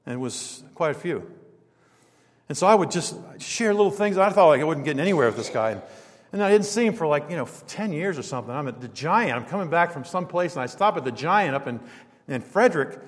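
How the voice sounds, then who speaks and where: A male preacher with a high, ringing voice delivers an emphatic sermon. He asks rhetorical questions, quotes scripture and chuckles at his stories. A long reverb trails him through the church hall. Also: expressive, fast talker.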